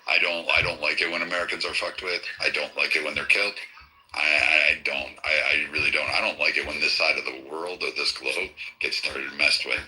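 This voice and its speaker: A man's voice: a bass voice, fairly even intonation, brisk, pushed and bright, rough recording. A man in a casual online voice chat, ranting bluntly with heavy profanity and frequent stammered restarts. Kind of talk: heated casual rant.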